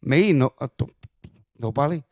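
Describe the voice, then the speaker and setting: Lively Northern Irish man hosting. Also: medium pitch, moderate pace, no room sound. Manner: laughing, teasing, tries silly impressions. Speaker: podcast host. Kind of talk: casual comedic chat.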